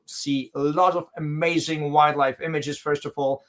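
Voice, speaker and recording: A man's voice: a little high, little pitch movement, moderate pace, a bit bright. A man whose first language is Czech, talking on an online panel in a rambling, hesitant way. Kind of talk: casual panel chat.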